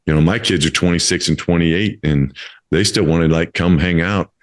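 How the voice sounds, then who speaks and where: A man in his fifties hosts a relaxed interview with a notably low voice. He rambles, doubles back on his words and fills pauses with uhs and ums as he chats. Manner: rambling, many fillers and restarts. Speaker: podcast host. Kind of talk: casual interview chat.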